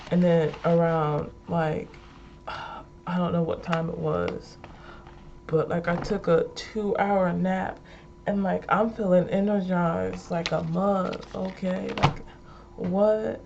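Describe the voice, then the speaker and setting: Woman vlogger, slow and gravelly, playful and giggly, dull lo-fi recording. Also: fairly low pitch, little pitch movement, a little mellow, slight background noise. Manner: playful, giggly, repeats lines with emphasis. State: high energy. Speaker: vlogger reading affirmation cards. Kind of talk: casual spoken affirmations.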